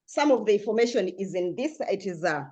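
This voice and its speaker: A woman's voice: medium pitch, animated, brisk, dark tone, breathy edge, muffled recording. An older woman from Africa, speaking as a panelist in a discussion, passionate and earnest, with frequent restarts.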